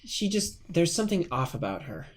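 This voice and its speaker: A man's voice: fairly high pitch, sing-song, fairly quick. A man playing a tabletop game, talking in a casual, cautious, suspicious way. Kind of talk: casual chat and in-character speech.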